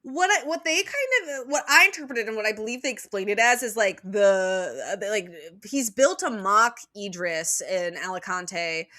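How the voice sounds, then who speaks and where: Bright-voiced opinionated woman podcaster. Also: medium pitch, expressive, normal speed, hardly any pauses. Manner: opinionated, rambling, frequent "like". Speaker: podcast co-host. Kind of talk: casual book-recap chat.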